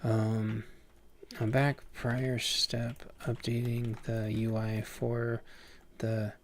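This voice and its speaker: A man's voice: medium pitch, monotone, extremely slow, a little hiss or hum. A man chatting casually on a live stream, distracted, rambling and swearing as he mutters to himself.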